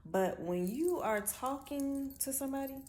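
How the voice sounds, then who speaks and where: A woman from Miami with a Miami accent, ranting bluntly and with lots of swearing in a casual monologue. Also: sits high. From Miami, Florida. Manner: blunt, profane, animated storytelling with drawn-out words. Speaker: vlogger.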